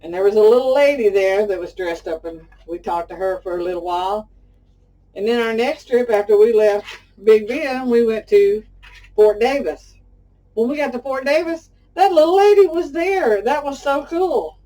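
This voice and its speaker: Hosting a folksy cooking show, this middle-aged Southern woman from Pasadena, Texas, talks to "y'all" and slips into chatty tales. Her voice is warm and mellow, a little high, at a moderate pace, and a bit distant from the mic, with a Texan Southern accent.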